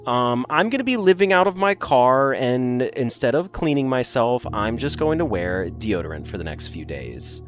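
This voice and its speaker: A man's voice: medium pitch, sing-song, normal speed, hardly any pauses, over music, lightly acted. A man putting on a gushing airhead festival girl. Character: airheaded young woman festivalgoer, self-absorbed and gushing.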